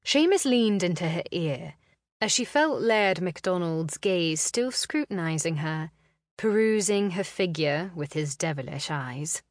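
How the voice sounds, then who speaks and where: A woman narrating a historical romance audiobook in a measured, expressive way. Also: fairly low pitch, no room sound, clean studio sound.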